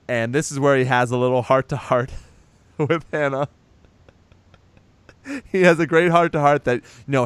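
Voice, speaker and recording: Male podcast co-host, relaxed and profane, smooth clean voice, dry recording. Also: mid-range voice, normal speed, no echo. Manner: loose and profane, laughs while retelling scenes. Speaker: podcast co-host recapping a film. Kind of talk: casual chat.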